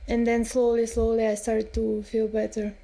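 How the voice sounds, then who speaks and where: Hesitant woman with a flat, mellow voice. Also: a little high, normal speed, gravelly. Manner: hesitant, many "uh" fillers. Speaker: tennis player at a press conference. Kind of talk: press conference answer. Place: press conference room.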